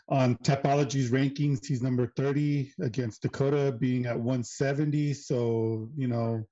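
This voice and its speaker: A relaxed man talking casually on a podcast, easygoing and quick to laugh. His voice is mellow and warm. The audio sounds slightly dull, like a lo-fi recording. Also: mid-range voice. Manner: laid-back, laughs often, uses filler words. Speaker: podcast co-host. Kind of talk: casual chat.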